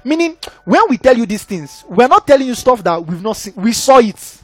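A young man preaching a sermon in an animated, conversational way, often checking that listeners follow. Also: extremely high pitch, moderate pace, slightly rough, no echo.

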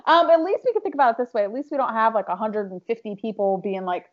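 This young woman's voice sits a little high, and she talks quickly and expressively. Co-hosting a relaxed podcast chat, she starts out nervous and giggly, then earnestly reads a heartfelt speech aloud. The recording sounds dull and lo-fi.

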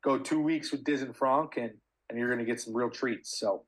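A man's voice: medium pitch, moderate pace, slightly rough, poor audio. A man co-hosting a casual podcast, laid-back, with brief replies. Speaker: podcast co-host. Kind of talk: casual chat.

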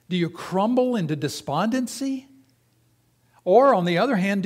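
A pastor preaches a sermon to his congregation in a fairly high male voice. His tone stays conversational, and he poses questions to the room while teaching.

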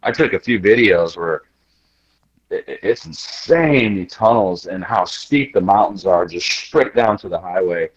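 An American podcast guest tells travel stories in casual chat, his deep voice unhurried and measured on a lo-fi recording. He's animated, acting out quotes and laughing as he goes.

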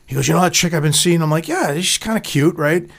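A man's voice: a little high, fast talker, creaky. Profane man telling a crude story. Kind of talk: casual chat.

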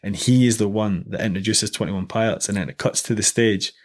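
A man's voice: fairly low pitch, fairly even intonation, fairly quick, a little mellow. A young man chatting as a podcast guest, telling stories loosely with lots of fillers and restarts. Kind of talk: casual podcast chat.

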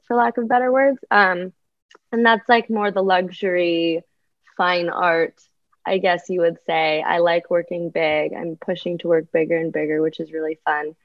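A woman's voice: lowish voice, dry recording, lo-fi sound. A young adult woman artist talking in a casual interview, chatty and full of ums and likes. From United States. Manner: chatty, many ums and likes, laughs often. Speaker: artist guest.

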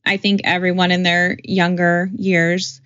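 A woman co-hosting a podcast in casual chat, upbeat and quick to joke. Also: lowish voice, monotone, a bit bright, no echo, highs cut off. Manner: upbeat, quick joking interjections. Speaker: podcast co-host.

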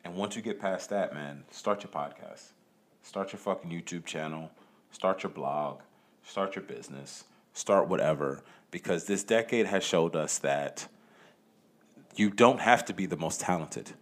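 This solo podcast host has a deep voice and an unhurried pace. His talk is casual and profane, wandering and stammering with restarts, and he poses rhetorical questions to his audience.

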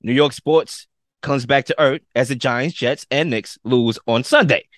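A man's voice: mid-range voice, unhurried, dry recording, studio quality. A man hosting a casual sports talk show, introducing topics in an upbeat way. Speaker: sports podcast host.

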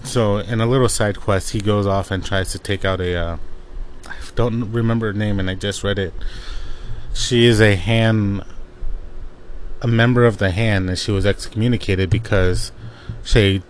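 A man's voice: fairly low pitch, fairly even intonation, moderate pace, slight background noise. A man casually recapping a comic book plot, rambling with lots of fillers and restarts.

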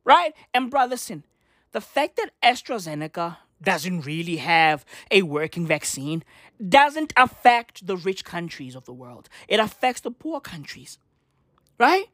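A woman's voice: lowish voice, a bit bright, dry recording, clean studio sound. A woman ranting through news commentary, profane and slangy, firing off rhetorical questions.

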